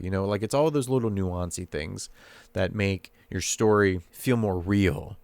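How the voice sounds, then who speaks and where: A man with a low, smooth voice talks through his writing in an easygoing, thinking-aloud way. The sound is dry and close, with no room around him. He sounds like a podcast host chatting casually about his craft. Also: no echo. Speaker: podcast host and fiction writer.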